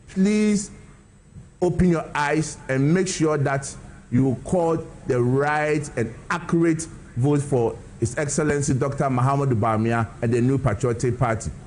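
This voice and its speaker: A man giving a formal press statement as a party spokesman, making measured appeals. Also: fairly high pitch, a little mellow, a little hiss or hum, rough recording.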